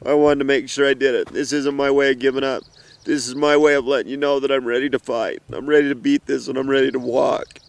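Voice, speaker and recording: Man, middle-aged, heartfelt message to his kids, emotional, halting, smooth voice, flat delivery, outdoors in the mountains. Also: mid-range voice, no echo. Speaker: father addressing his children. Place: outdoors in the mountains, seated in an off-road vehicle.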